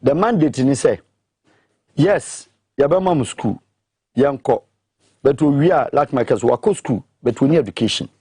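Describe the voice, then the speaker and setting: A man with a Ghanaian accent, speaking emphatically in an animated discussion that mixes English and Twi, pressing his points with repeated questions. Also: medium pitch, normal speed, long pauses, breathy edge, no room sound, studio quality.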